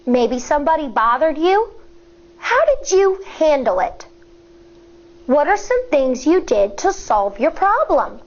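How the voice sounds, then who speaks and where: A slow, expressive woman reading a storybook. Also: high-pitched. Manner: expressive, asks the children questions. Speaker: elementary school teacher. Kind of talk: reading a children's book aloud. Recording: dull lo-fi recording.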